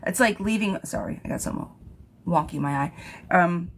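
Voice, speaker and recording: A tarot reader on a livestream gives yes-or-no readings, chatting casually while reading viewer questions aloud and thanking commenters. Her voice is lowish and she talks a little fast.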